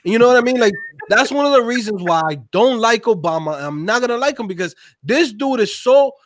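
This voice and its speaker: A man co-hosting a casual podcast conversation, talking in an animated, slangy, emphatic way. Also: very high voice, a little fast, no room sound, clean studio sound. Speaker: podcast co-host.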